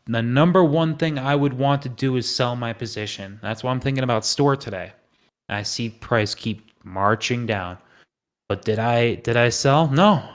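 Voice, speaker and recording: A man hosting a live trading stream, talking casually and acting out panicked traders' thoughts. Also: medium pitch. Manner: animated, acts out panicked inner voices.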